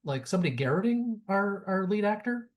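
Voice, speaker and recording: A man's voice: sits high, lively intonation, brisk. A man co-hosting a podcast, chatting casually about a movie and often stumbling and restarting his sentences. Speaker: podcast co-host.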